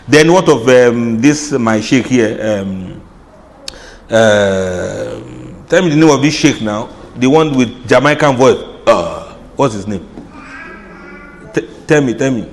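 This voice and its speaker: A man's voice: mid-range voice, lively intonation, slow, big-room sound. A man giving an Islamic lecture, chatty and humorous, laughing at his own asides. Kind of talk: lecture to an audience.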